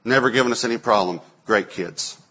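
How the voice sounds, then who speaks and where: Male pastor, 40s, low husky voice, animated sermon storyteller. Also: fairly quick. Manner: storytelling, acts out quotes with sudden loud bursts.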